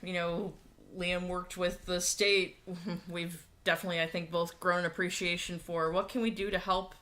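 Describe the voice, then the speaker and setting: A woman with a bright, forceful tone but a fairly low voice, co-hosting a relaxed livestream. She gives practical advice in an easygoing way and laughs often. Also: moderate pace. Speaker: co-host. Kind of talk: casual chat.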